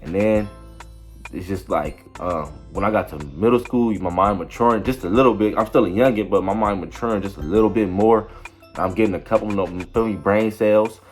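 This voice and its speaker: A young man tells a story in a loose, rambling way, leaning on slang and checking in with "you feel me" again and again. His voice sits on the low side, with faint music playing underneath. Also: a little fast. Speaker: vlogger. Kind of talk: casual storytelling.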